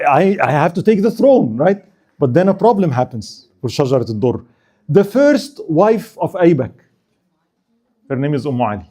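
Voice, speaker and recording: At an Islamic center, a man delivers a casual history lecture, joking and laughing with listeners and repeatedly checking in with "right?" His voice is a little high, with a dark tone and a breathy edge.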